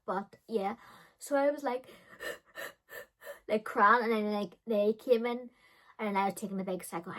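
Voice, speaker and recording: A woman's voice: mid-range voice, a little slow, pauses often, a bit bright. A woman in her thirties telling a personal story in a chatty, dramatic way, full of filler words. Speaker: vlogger. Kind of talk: casual storytime chat.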